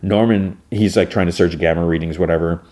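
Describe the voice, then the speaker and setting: A man's voice: deep voice, fairly even intonation, a little fast, dark tone. A man hosting a podcast, casually recapping an episode in a rambling way with lots of fillers. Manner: rambling, full of fillers and restarts. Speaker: podcast host.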